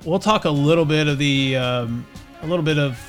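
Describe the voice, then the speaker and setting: A man's voice: on the high side, a little fast, faint music behind. A middle-aged man from North Carolina, co-hosting a podcast in a rambling, casual way, full of fillers and restarts. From North Carolina, USA. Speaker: podcast co-host. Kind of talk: casual chat.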